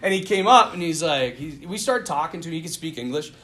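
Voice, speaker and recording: Lively man telling a story. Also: a little high, fairly quick. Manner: animated storyteller, filler-heavy casual speech. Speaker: speaker giving a Lenten talk. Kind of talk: storytelling talk ending in prayer.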